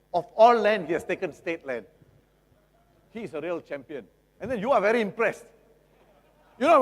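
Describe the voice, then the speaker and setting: A middle-aged man with a Singaporean English accent gives a lively, jokey seminar talk, often asking the audience rhetorical questions. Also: fairly high pitch. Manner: jokey, acts out buyers and sellers. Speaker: lawyer giving a seminar talk. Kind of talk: seminar lecture. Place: seminar hall. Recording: long reverb of a seminar hall.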